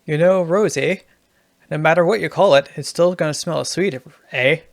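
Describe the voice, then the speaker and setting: A friendly speaker who ends his lines with a questioning "eh", played by a man. The voice is slightly high and gravelly, and louder than his usual talk. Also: moderate pace, no room sound, studio quality. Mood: chummy.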